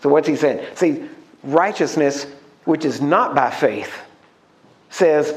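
A man preaching a sermon, emphatic, slowing down to stress key words and asking the congregation questions. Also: fairly high pitch.

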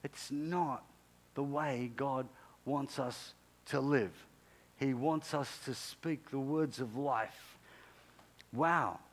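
A man's voice: medium pitch, very slow, long pauses. A male pastor preaching a sermon in an emphatic, repetitive way, punctuated by sudden exclamations.

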